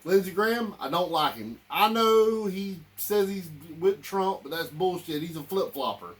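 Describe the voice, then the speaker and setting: Man, angry political rant, heated and repetitive, slightly high voice. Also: lively intonation, moderate pace. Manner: heated, repetitive, addresses listeners as y'all. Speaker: political commentator.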